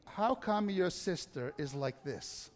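A man's voice: a little high, lively intonation, slow. A man voicing his worried, scolding Italian mother, firing off exasperated questions, in a reverberant hall.

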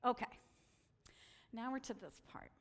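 A woman telling stories from a slideshow talk, animated and acting out the voices she quotes. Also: a little high, unhurried, big-room sound. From United States. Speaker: speaker presenting photos.

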